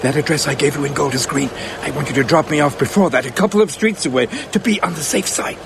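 A man's voice: animated, very slow, noisy background. An actor playing a terrified man in a taxi, frantic and fearful, in a radio drama. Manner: panicky, high and frantic. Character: terrified man fleeing a voice in a cab.

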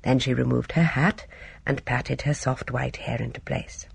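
Gravelly, dry audiobook narrator. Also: mid-range voice, no room sound. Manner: measured, even storytelling. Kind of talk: scripted narration.

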